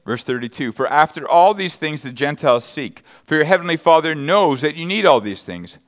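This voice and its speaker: A man's voice: a little high, expressive, fairly quick. A man preaching a sermon, reading scripture verses and expounding them with emphatic, rising bursts of intensity. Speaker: pastor.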